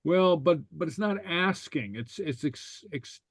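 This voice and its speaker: A man teaching a language class, explaining slowly and stopping often with fillers and repeated okays. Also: on the high side, lively intonation, no echo. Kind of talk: relaxed online class explanation.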